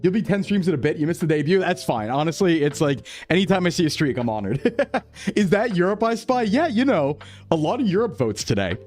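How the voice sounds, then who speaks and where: A man's voice: a little high, sing-song, a little fast, a little mellow, soft background music. A man chatting casually on a live stream, upbeat and talkative, greeting viewers by name.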